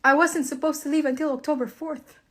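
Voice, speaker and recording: A woman's voice: high voice, fairly even intonation, fairly quick, a bit bright. A tearful woman in an emotional monologue, swearing angrily as she recounts her marriage falling apart. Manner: angry, profane, tearful outbursts. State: crying. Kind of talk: emotional direct-to-camera monologue.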